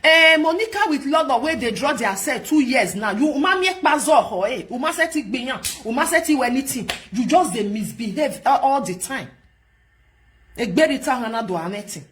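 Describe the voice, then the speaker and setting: A woman's voice: high voice, normal speed, a little hiss or hum. A woman from Nigeria with a Nigerian Pidgin accent, ranting and scolding as a vlog host in casual commentary, repeating herself for emphasis. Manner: scolding, repetitive, animated.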